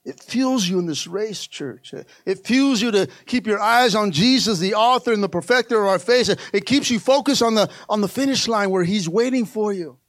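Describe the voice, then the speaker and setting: A male pastor delivering a passionate sermon, swinging from soft asides to loud, fervent climaxes. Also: high-pitched, moderate pace, hardly any pauses, dry recording, studio quality.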